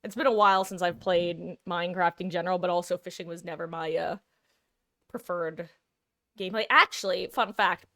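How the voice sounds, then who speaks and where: Chatty streamer woman, low and dry. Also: a bit bright, dry recording. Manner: chatty, laughs often, reads and answers chat. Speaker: live streamer. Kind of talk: casual chat while gaming.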